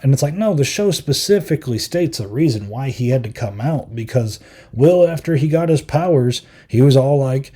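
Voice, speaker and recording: A podcast host with a husky, dark, medium-pitched voice gives an exasperated, rambling review at a moderate pace in casual chat. He leans heavily on filler words and acts out quotes in mocking voices.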